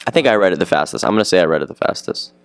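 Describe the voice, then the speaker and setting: Teen guy actor, low smooth voice, dry close sound, rambly and excited. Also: rapid-fire, no echo. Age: teens. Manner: eager, rambling, repeats himself. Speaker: actor being interviewed. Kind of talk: casual interview chat.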